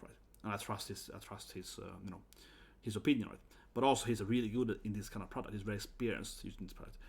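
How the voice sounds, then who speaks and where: A young man from Sweden talking casually to camera in a rambling monologue, with lots of fillers and tag questions like "right?". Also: fairly low pitch. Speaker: vlogger.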